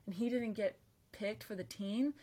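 A woman's voice: mid-range voice, normal speed. A young woman hosting a podcast, telling a story in casual chat and acting out what people said. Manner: excitable storyteller who acts out quotes. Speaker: podcast host. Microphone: camera mic.

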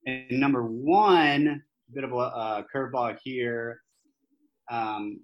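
A man co-hosting a casual movie podcast, telling stories in a relaxed way with hesitant restarts and casual swearing. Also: mid-range voice, slow, highs cut off. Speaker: podcast co-host. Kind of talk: casual chat about movies.

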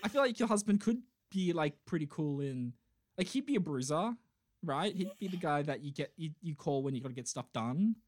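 A podcast co-host in casual chat, joking, swearing and riffing with animated energy. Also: mid-range voice, brisk. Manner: animated, jokey, swears freely.

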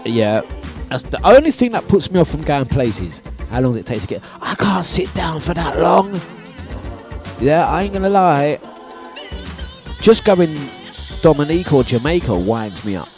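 A man hosting a breakfast radio show, chatting casually and telling animated stories with plenty of laughter. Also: fairly high pitch, moderate pace, soft background music. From United Kingdom. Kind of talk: casual on-air chat. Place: radio studio.

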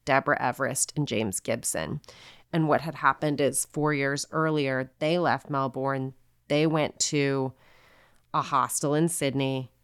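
A woman's voice: extremely low pitch, clear, resonant tone, no room sound, studio quality. A woman co-hosting a podcast, telling a true-crime story casually with lots of fillers and quoted asides. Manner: chatty, filler-heavy, quotes people in asides. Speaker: podcast co-host.

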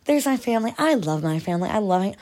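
A woman's voice: medium pitch, sing-song, fast, darkish tone, close to an everyday voice. A woman voicing the inner thoughts of a needy, adoring male cocker spaniel, in an eager, repetitive and clingy way.

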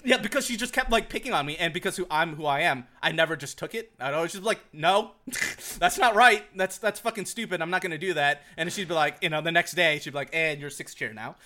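A young man from Virginia co-hosting a podcast, telling stories in an animated, profane, laugh-filled casual chat. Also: fairly high pitch, quick pace. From Virginia, USA. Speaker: podcast co-host. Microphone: podcast mic on a group call.

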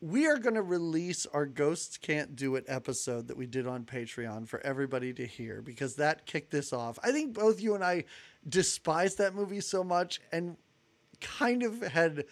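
A podcast co-host with a voice on the high side chats casually at normal speed, his intonation lively. He laughs often while announcing the schedule of upcoming episodes.

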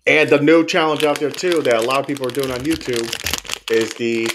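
A man's voice: medium pitch, fairly even intonation, normal speed, background noise. A man chatting as a podcast guest, easygoing and rambling, swearing freely as he talks. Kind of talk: casual chat.

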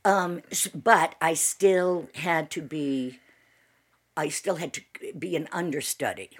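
A woman's voice: low voice, slow pace, slightly rough. A woman in her sixties, co-hosting a casual tea chat with her son, telling long stories with many restarts and recaps. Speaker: podcast co-host.

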